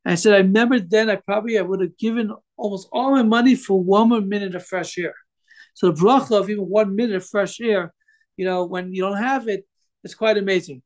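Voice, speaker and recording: A man giving an informal religious class, telling a story in a halting way with many fillers and restarts. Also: sits high. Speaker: Torah teacher telling a story.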